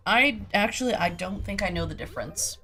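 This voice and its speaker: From her home streaming setup, a woman plays a cozy farming game and chatters casually to herself in a goofy way, humming and scatting as she sorts her items. Her medium-pitched voice is expressive and fairly bright, a little fast, with faint music in the background.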